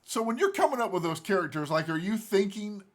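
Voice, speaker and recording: A man hosts a casual interview with a slightly higher voice. He asks relaxed, loosely worded questions and chips in with short, encouraging agreements. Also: fairly quick. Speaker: interviewer host.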